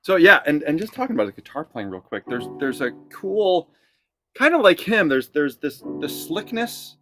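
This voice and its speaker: A man co-hosting a music reaction show as songwriter, talking in a relaxed, halting way with repeated words. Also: on the high side. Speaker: songwriter co-host. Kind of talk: casual music reaction chat.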